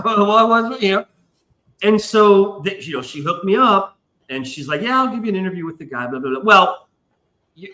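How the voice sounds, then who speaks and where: A man's voice: sits high, bright, forceful tone, reverberant, rough recording. A man hosting a live stream, telling a story in a loose, profane way and acting out other people's lines. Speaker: podcast host. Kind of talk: casual storytelling chat.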